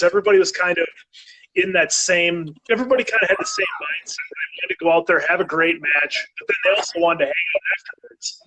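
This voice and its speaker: Bright high-voiced man reminiscing. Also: slight background noise, rough recording. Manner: easygoing, reminiscing. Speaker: podcast guest. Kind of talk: casual chat.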